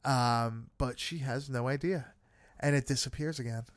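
Recapping a horror film with friends, a man talks loosely, swearing often and relying heavily on fillers. His medium-pitched voice moves at normal speed in a clean studio recording with no room sound.

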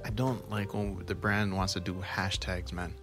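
A man's voice: deep voice, flat delivery, normal speed, fairly bright tone, faint music behind. A man co-hosting a podcast in casual chat, talking in a laid-back way and laughing often. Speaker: podcast co-host.

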